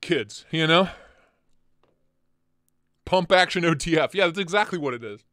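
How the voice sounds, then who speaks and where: A casual, blunt man hosting a chat stream, excitable and quick to swear, sounding tired. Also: a little high, no echo, clean studio sound. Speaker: channel host.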